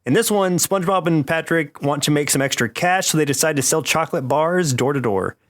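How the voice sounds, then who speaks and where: A man's voice: a little high, brisk. A man co-hosting a podcast, retelling cartoon scenes in casual chat and laughing often. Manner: animated retelling with quoted voices, laughs often. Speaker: podcast co-host.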